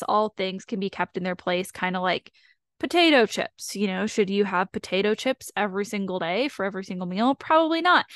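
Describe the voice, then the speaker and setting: A woman's voice: medium pitch, dry recording, clean studio sound. A woman hosting a solo podcast, explaining casually and asking herself rhetorical questions. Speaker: podcast host.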